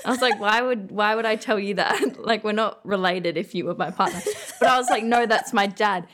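A young woman with a mid-pitched voice retells a hospital visit in casual chat. She quotes the people involved as she goes. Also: a little fast. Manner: lively retelling with quoted dialogue. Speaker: podcast co-host.

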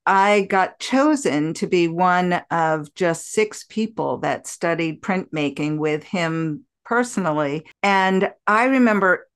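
An older woman in her sixties hosts a podcast conversation and tells her stories with lively expression. Her voice sits fairly low for a woman. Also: slow, hardly any pauses, clear, resonant tone. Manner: animated, expressive storyteller. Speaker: podcast host. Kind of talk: conversational storytelling interview.

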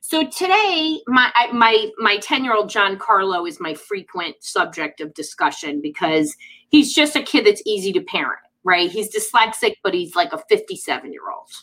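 A middle-aged woman in lively casual conversation, often adding "right?" and "you know". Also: mid-range voice, moderate pace, low-quality recording. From United States. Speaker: guest speaker on parenting and mental health.

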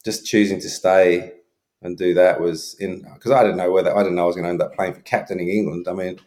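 Deep-voiced middle-aged man telling stories. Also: fairly even intonation, fast, darkish tone. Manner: frank, anecdotal, many fillers and restarts. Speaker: interview guest. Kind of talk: reflective storytelling.

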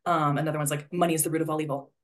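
A woman's voice: low voice, flat delivery, very fast. A woman coaching a conversation about money beliefs, speaking reflectively and prompting with questions between fillers. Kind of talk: guided conversation.

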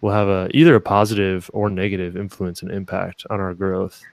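Really deep-voiced dude, dry close mic, earnest and thoughtful. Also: male voice, flat delivery, a little fast, creaky, dry recording. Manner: earnest, reflective. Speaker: podcast co-host. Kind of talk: casual faith chat.

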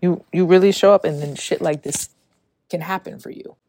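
A woman's voice: on the low side, fairly even intonation, normal speed, mellow. A young woman hosting her own podcast, talking candidly and a little out of breath, rambling and swearing freely with frequent laughs. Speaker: podcast host. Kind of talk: casual solo podcast monologue.

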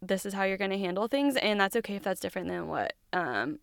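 A woman's voice: medium pitch, expressive, fast talker, creaky, no echo, clean studio sound. A woman in her thirties hosting a podcast, giving casual, earnest, encouraging advice in a chatty way with lots of "like". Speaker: podcast host. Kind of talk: casual parenting advice monologue.

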